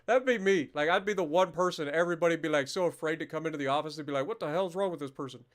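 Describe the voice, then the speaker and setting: Streamer in his 30s, man with a high voice, crude and jokey, rambles into loud bits while playing. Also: very fast. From Ohio, USA. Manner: profane, joking, riffs in loud tangents. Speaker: gaming livestream host. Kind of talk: casual live gameplay commentary.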